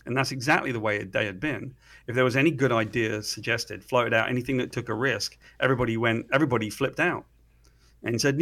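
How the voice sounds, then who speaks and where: A man's voice: mid-range voice, a little fast. A man with a British accent, a comic writer guest telling a story casually in an interview, acting out the dialogue. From Britain. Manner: animated storyteller, acts out quoted dialogue.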